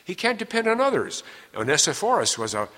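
Man teaching scripture, fairly high, animated voice, long hall reverb. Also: fairly quick. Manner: earnest, explanatory, stresses key words. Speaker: Bible teacher. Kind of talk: expository Bible teaching.

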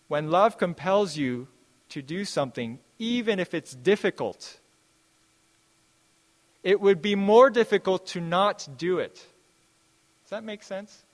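A man preaching a sermon, earnest, repeating key phrases and slowing down to quote scripture. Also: high-pitched, animated. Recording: long hall reverb.

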